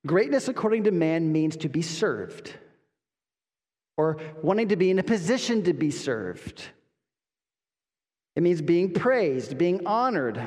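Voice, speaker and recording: A man's voice: high voice, darkish tone. A man preaching an expository sermon as pastor, earnest and emphatic, repeating lines and asking rhetorical questions. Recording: long reverb of a hall.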